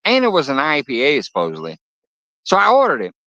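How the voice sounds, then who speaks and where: A man livestreams fishing from a lake, swapping laughing, profanity-filled stories with his viewers in a casual chat. His slightly high voice swings hugely in pitch, bright and forceful at a quick pace, recorded with no room sound in dull lo-fi quality.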